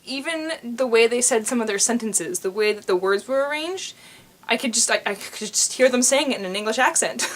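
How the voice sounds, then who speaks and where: A woman's voice: on the high side, fairly bright tone. A woman from North America giving a casual, chatty book review to camera, talking expressively with frequent ums. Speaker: book vlogger.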